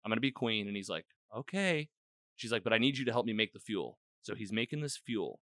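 Man, podcast host, bright forceful voice, dry close sound, rambling recap. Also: lowish voice, brisk, dry recording. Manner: rambling, animated retelling with quoted lines. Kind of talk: casual episode recap chat.

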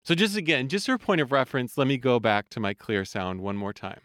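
A man who coaches singers, explaining vocal function in a calm, measured podcast lesson. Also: mid-range voice, no room sound, clean studio sound. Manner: calm, explanatory, demonstrates sung vowel sounds.

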